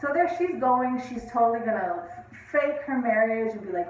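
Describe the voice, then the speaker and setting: A woman's voice: a little high, expressive, moderate pace, hardly any pauses. A woman casually reviewing a film in a rambling, profane way, full of fillers like "like". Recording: echoey distant lo-fi room sound.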